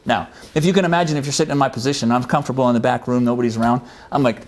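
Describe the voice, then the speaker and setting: A man's voice: medium pitch, fairly even intonation, rapid-fire, few pauses, darkish tone. A man, a former military medic, earnestly telling a first-person war story in a conversational way. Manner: earnest, conversational, acts out quoted voices.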